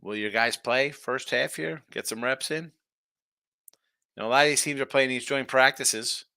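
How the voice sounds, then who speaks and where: Chatty sports-betting host, crisp dry sound. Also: male voice, medium pitch, measured pace, no echo. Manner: chatty, animated, reacts to viewer comments. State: tired, yawning. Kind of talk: casual betting talk reading chat.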